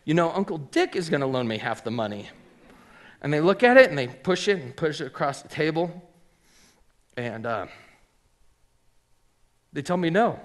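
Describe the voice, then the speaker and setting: Animated man telling a story. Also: fairly high pitch, normal speed, long pauses. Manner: animated storyteller acting out quoted people. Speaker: hat shop owner. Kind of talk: storytelling talk.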